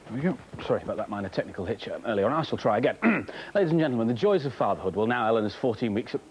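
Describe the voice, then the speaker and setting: A man presenting a children's TV show in a jokey, theatrical, excitable way. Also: mid-range voice, rapid-fire, slight background noise. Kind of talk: playful live TV presenting. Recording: dull lo-fi TV audio with faint music.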